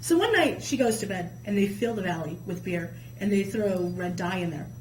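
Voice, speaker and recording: A woman guest telling myths in casual, colloquial chat, with a lively storyteller's manner. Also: medium pitch, moderate pace. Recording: echoey room with faint hum.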